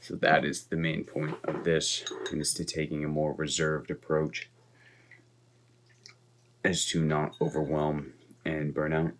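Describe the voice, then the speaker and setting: Guy with a really low voice, upbeat vlog chat to the camera, laid back. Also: completely flat delivery, a little slow, pauses often, slight background noise. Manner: upbeat, talks straight to viewers. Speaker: vlogger.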